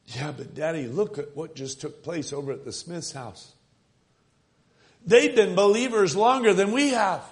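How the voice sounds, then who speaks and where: Man putting on a worried young son, high-pitched, slow questions. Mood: anxious. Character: young anxious son asking his father.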